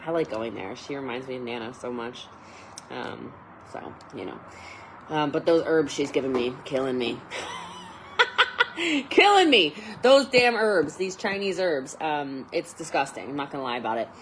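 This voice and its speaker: A woman's voice: extremely low pitch, moderate pace, background noise. A woman coaching network marketing in a casual livestream, chatty and rambling with many fillers.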